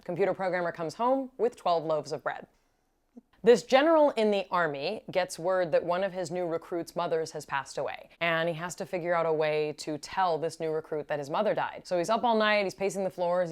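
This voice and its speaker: A woman vlogger telling jokes straight to camera, with a voice pitched a little lower than most women's. Her delivery is casual and animated, and she laughs at her own punchlines. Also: clean tone.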